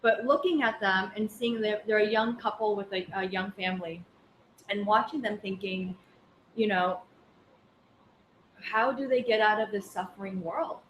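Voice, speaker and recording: With a steady tone and moderate pace, a woman in a mid-range voice leads a casual dharma class in a classroom, chatty and anecdotal, with many fillers. The room is echoey with faint ambience and slight background noise.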